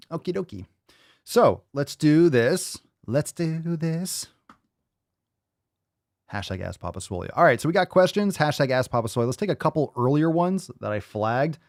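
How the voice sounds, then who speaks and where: A man hosting a fitness podcast, ranting loudly and swearing as he pushes listeners to act. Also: medium pitch, dry recording, studio quality. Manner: profane, loud, hyped rants. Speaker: podcast host.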